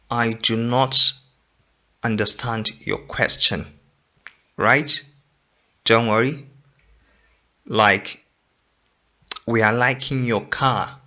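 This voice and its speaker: Male English teacher, bright, forceful tone, repeats and quizzes students, lo-fi audio. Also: mid-range voice. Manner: repeats points and quizzes listener ("In what?"). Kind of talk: explaining grammar lesson. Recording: dull lo-fi recording.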